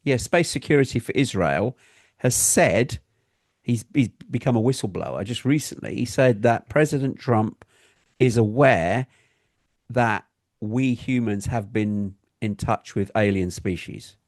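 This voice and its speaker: A man's voice: mid-range voice, measured pace, a little mellow, dry recording, studio quality. A man co-hosting a casual talk show, explaining things earnestly. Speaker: co-host. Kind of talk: casual chat.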